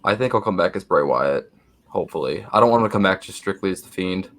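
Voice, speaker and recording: A man's voice: sits low, lively intonation, quick pace, fairly bright tone. A young man co-hosting a podcast, talking casually and hesitantly, often repeating himself. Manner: hesitant, lots of fillers and repeats. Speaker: podcast co-host. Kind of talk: casual chat.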